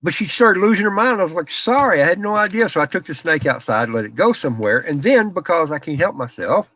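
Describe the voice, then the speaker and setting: A man's voice: a little high, sing-song, brisk, fairly bright tone, dry recording. A middle-aged man hosting a casual live stream from a small office, chatting with viewers and telling stories, often laughing. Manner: folksy storyteller, laughs often.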